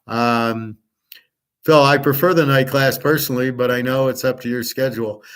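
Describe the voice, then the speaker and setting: A man's voice: medium pitch, steady tone, normal speed, clear, resonant tone. A middle-aged man hosting a live stream as a sports handicapper, talking in a blunt, profane, ranting way. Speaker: sports handicapper and show host. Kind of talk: casual live-stream rant.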